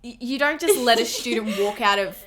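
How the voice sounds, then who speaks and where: Bright young woman recounting a story. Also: on the high side, a little fast. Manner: animated, acting out quoted lines, swearing. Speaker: guest, host's sister. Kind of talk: casual storytelling chat.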